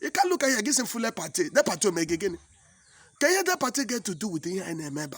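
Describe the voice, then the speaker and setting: A man from Nigeria with a Nigerian accent and an Igbo mother tongue, telling a comic story in pidgin English, animated and exclaiming, often repeating himself. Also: high voice, fast, slightly rough, dry recording.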